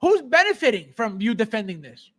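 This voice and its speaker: Guy with a high voice going off on a sarcastic rant on his live show, super dry close sound. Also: big pitch swings, fairly quick, a bit bright, no room sound. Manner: heated ranting, sarcastic; repeats phrases in exasperation. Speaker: podcast host. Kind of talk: live stream chat with viewers.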